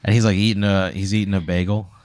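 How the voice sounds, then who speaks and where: A man's voice: low voice, level tone, fast talker, a little mellow, no room sound. Rambling young man spinning a story. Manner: rambling, many "like"s, swearing, laughing. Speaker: podcast co-host. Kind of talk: improvised comedic storytelling.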